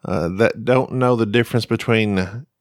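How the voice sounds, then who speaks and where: A man hosting a comedic podcast solo, joking and mocking himself in a deadpan way. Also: fairly low pitch, measured pace, no echo, studio quality. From United States. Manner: jokey, deadpan self-mocking. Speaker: podcast host.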